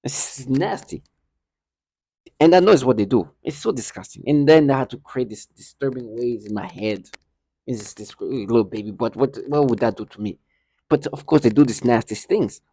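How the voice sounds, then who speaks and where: Man, agitated ranting vlogger, darkish mellow voice, repeats and restarts a lot, dry sound. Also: mid-range voice, normal speed, breathy edge, no echo. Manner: indignant, repetitive, frequent restarts and stumbles. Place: indoor building hallway.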